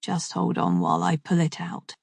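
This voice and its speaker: A low, hushed male voice, put on by a woman, careful and guarded in every word. It stays soft and close, with a dry sound. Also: sing-song, moderate pace, creaky, slightly rough, no room sound, exaggerated voice.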